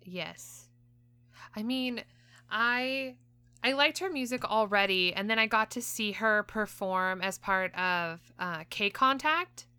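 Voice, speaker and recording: A woman's voice: medium pitch, takes it slowly, bright, forceful tone, clean tone, no echo. A young woman co-hosting a podcast, chatting in a gushing, filler-heavy way. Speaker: podcast co-host. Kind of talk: casual chat.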